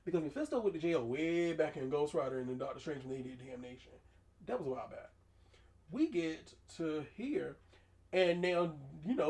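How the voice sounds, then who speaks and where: A man hosting a casual podcast, ranting in an animated, opinionated way with plenty of slang. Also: on the high side, low-quality recording. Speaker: podcast host. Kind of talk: casual chat.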